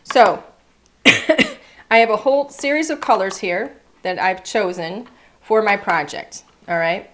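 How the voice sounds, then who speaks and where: A woman's voice: mid-range voice, takes it slowly, fairly bright tone, slight background noise. A woman hosting a live card-making class, chatty and upbeat, greeting viewers by name as she demonstrates. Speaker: craft class host. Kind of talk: live-streamed craft demonstration. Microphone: overhead camera setup.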